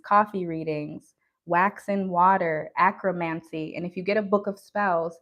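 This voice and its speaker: A woman hosting a live tarot stream, talking casually and earnestly to her viewers about spiritual practices, with frequent ums and you-knows. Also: on the low side. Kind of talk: casual live-stream talk answering chat.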